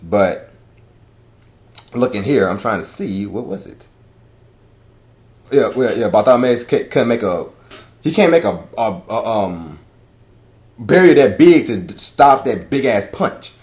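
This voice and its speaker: A man giving a casual chapter review, talking in a loud, profane, rambling way that is full of laughter. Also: lowish voice, animated, measured pace, long pauses. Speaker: anime and manga reviewer.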